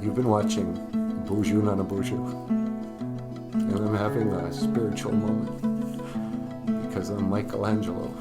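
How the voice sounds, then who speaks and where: A man's voice: fairly low pitch, level tone, normal speed, pauses often, loud music behind the voice. A middle-aged man hosting his own vlog, rambling about art, laughing often and getting choked up with emotion. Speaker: vlogger host. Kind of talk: casual vlog commentary.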